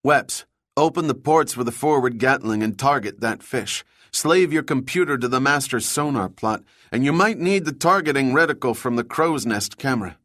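A man's voice: medium pitch, lively intonation, normal speed, a bit bright, no room sound, clean studio sound, natural voice. A male narrator voicing a commanding middle-aged male ship captain who gives clipped, firm orders, in a storybook reading.

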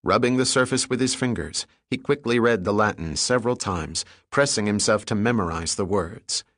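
A man reading an adventure novel aloud in a steady storytelling delivery. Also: fairly low pitch, moderate pace, no echo, studio quality. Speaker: audiobook narrator. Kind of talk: scripted narration.

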